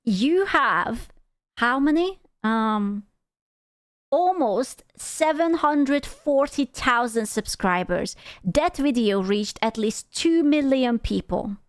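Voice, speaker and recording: A woman's voice: fairly high pitch, expressive, takes it slowly, no echo, clean studio sound. A woman from Europe streaming a casual reaction, talking bluntly, swearing and joking sarcastically.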